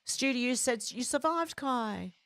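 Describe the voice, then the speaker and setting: A woman's voice: on the high side, animated, takes it slowly, fairly bright tone, no room sound. A woman hosting a casual livestream, reading out viewer comments and rambling between them with many fillers and restarts. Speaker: livestream host reading chat.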